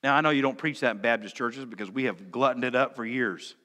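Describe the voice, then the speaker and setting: A male pastor preaching from the pulpit with a bright, forceful tone. He swings from hushed to loud and drops humorous asides. His voice rings with the long reverb of a church sanctuary. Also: mid-range voice, fast. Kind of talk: sermon.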